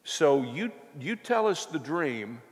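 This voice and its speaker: A man's voice: fairly high pitch, big pitch swings, slow pace, voice pushed up. A preacher voicing nervous ancient court advisors who hesitantly try to placate a king. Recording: reverberant church hall.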